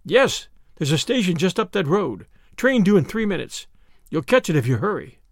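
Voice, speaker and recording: A man doing a plucky, brisk young Englishman. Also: high-pitched, sing-song, no room sound, clean studio sound, heavily acted.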